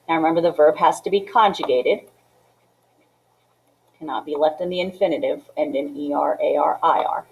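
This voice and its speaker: A woman's voice: on the low side, darkish tone, low-quality recording. A woman teaching a Spanish lesson, explaining step by step and often checking in with "okay?" and "right?". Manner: mixes English with Spanish phrases. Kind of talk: classroom lesson walkthrough.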